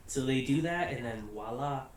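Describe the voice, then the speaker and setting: A chatty American man talks through an anime review in a relaxed, rambling way, laughing often. His voice sits in a very reverberant room, a little off the microphone, with faint hiss behind it. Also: mid-range voice, measured pace, far from the mic. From United States. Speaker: anime reviewer, channel host. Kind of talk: casual spoken review.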